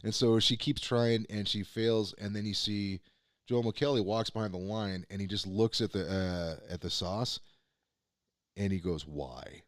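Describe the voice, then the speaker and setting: A man's voice: on the low side, steady tone, a little slow, dry recording, clean studio sound. A man hosting a casual podcast chat, rambling and swearing, with many fillers. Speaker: podcast host.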